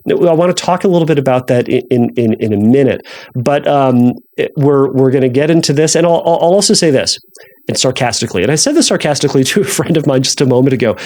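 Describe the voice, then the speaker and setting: A man's voice: medium pitch, expressive, fast, darkish tone. A man hosting a podcast solo, talking loosely and conversationally with many restarts, with self-deprecating humor. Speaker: podcast host. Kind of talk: casual solo podcast talk.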